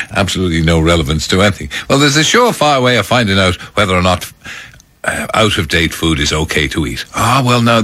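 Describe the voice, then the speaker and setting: A man's voice: deep voice, pushed and bright. A man presenting a breakfast radio show from a studio, chatting in a wry, self-mocking, rambling way. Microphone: studio microphone.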